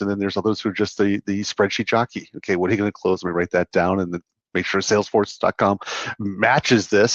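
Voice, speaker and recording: A man's voice: on the low side, no echo, dull audio. A man co-hosting a podcast, telling sales stories in casual chat, rambling and repeating words. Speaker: podcast co-host, sales manager.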